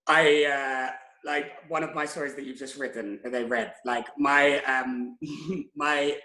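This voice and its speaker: A young man telling travel stories as an interview guest on a video call, animated and self-mocking. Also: mid-range voice, unhurried. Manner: animated, self-mocking anecdotes with quoted exclamations. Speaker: interview guest, tour creator. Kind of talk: casual storytelling on a video call. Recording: roomy video call audio.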